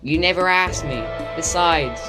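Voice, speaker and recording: A woman voicing a polite, sly little male tank engine, speaking calmly and innocently over background music. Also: fairly low pitch, a little slow, close to an everyday voice.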